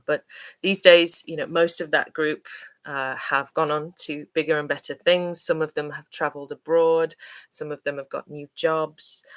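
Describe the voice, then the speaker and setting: A woman's voice: low-pitched, fairly bright tone. A woman from Manchester, an English teacher, chatting on a livestream Q&A in a hesitant, friendly way with lots of ums and uhs. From Manchester, England.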